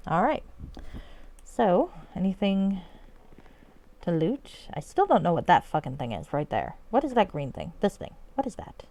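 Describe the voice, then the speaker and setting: A woman's voice: fairly low pitch, wildly swooping pitch, unhurried, gravelly, mellow. A woman streaming a game, chatting casually and swearing freely. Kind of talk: casual let's-play commentary. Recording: game music behind.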